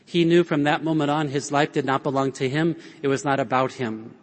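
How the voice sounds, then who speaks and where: A man's voice: on the high side, steady tone, fairly quick. Earnest male preacher in a reverberant hall. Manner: earnest, prompts audience with "right?" and call-and-response. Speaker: speaker at a Catholic conference. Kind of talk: conference talk preaching to an audience. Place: large conference hall.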